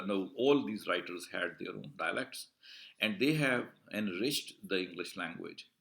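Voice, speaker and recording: A male university lecturer explaining a poem in a recorded lecture, deliberate and repetitive, with frequent "uh" fillers and restarts. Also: sits low, fairly bright tone. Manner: deliberate, explanatory, repeats and rephrases points.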